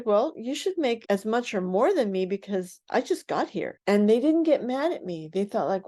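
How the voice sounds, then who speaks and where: An older woman who is a guest on a radio interview, recounting her past in an animated way and acting out the voices of people she quotes. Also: fairly high pitch, moderate pace, few pauses. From United States.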